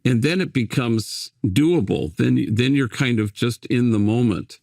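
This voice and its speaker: An older man from the United States talks in a gentle, musing way, often stopping and starting again mid-thought. His voice has a gravelly, creaky texture, and the sound is dry and close. The pitch sits in an ordinary middle range. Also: no room sound. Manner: gentle, musing, halting with many restarts. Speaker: priest and guest. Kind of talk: reflective interview storytelling.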